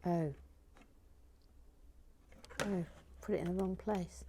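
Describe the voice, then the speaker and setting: A woman hosting a relaxed real-time LEGO build, murmuring to herself, often slipping into a whisper, and reading out viewer comments. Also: on the low side, takes it slowly, pauses often, a little hiss or hum.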